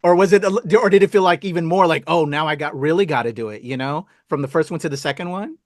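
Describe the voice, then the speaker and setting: A man's voice: fairly high pitch, quick pace. A Filipino man hosting an interview, eager and encouraging toward his guest. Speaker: interviewer, host. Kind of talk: interview chat.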